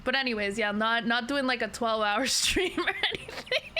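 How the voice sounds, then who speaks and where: A sleepy woman streamer chats casually, rambling and giggling between thoughts. Her voice sits a little high and sounds crisp and bright. She takes her time, drawing the words out at an unhurried pace. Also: sing-song, slight background noise. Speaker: livestreamer. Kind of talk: casual chat.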